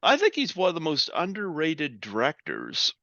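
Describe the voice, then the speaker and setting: A man's voice: fairly high pitch, wildly swooping pitch, moderate pace, creaky, pushed and bright, no echo, lo-fi sound. A man hosting a podcast interview, chatting casually and rambling in a fan-like way with many fillers. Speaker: podcast host.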